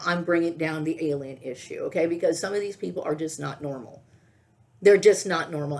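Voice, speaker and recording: A middle-aged woman vlogging to camera in a rambling, agitated monologue, often tagging her sentences with "okay?". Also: fairly low pitch. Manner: agitated, repetitive, keeps asking "okay?".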